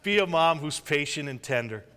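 A man's voice: a little high, expressive, moderate pace, pushed and bright. A pastor in his thirties preaching a sermon, calling out for amens from the congregation. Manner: call-and-response preaching with frequent amens. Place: church sanctuary. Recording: echoey hall reverb.

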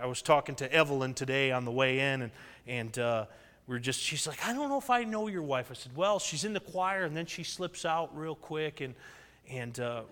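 In an echoey church sanctuary, a man in his thirties delivers a sermon in a fairly high, pushed, bright voice. His preaching is call-and-response, and he keeps calling on the congregation for amens.

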